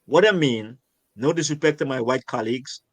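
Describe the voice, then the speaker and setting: An older Guyanese man, an urban farmer, is a guest in a conversational interview, speaking at a moderate pace in a medium-pitched voice with no room sound. He talks with passion and emphasis, frequently repeating words to press his point.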